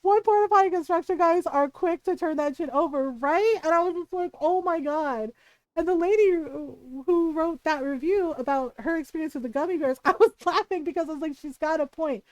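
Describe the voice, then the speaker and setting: A woman's voice: very high voice, a little fast, darkish tone, dry recording, lo-fi sound. A woman streamer chatting casually while gaming, animatedly retelling a story, acting out quotes and laughing often.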